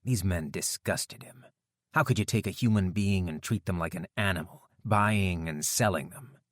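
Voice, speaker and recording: A male audiobook narrator with a low, grounded voice and steady, measured delivery. The recording is dry and close. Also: no echo. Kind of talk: scripted narration.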